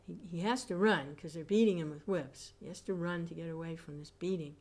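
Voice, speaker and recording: A woman reading scripture aloud and commenting on it as a class teacher, reflective and pausing with soft hums. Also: on the low side.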